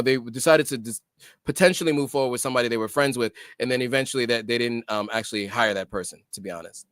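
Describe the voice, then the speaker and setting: A middle-aged American man talks through viewer questions on a casual livestream, pausing often with ums and false starts. His voice is smooth and resonant, at a middle pitch. The sound is close and dry, with no room in it. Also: a bit bright, dry recording. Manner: hesitant, many ums and restarts. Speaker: livestream host reading viewer comments.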